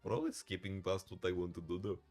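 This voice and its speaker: A young man co-hosting a casual Bible discussion podcast, goofy and rambling, with a deadpan joking manner and a mock Russian accent. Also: low voice, fast, soft background music. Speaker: podcast co-host.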